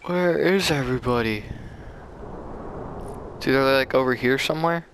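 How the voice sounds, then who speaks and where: A young man chatting casually with a teammate while playing, excitable and saying "dude" a lot. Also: mid-range voice, moderate pace, a little hiss or hum. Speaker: gamer. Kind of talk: casual gameplay chat with a teammate.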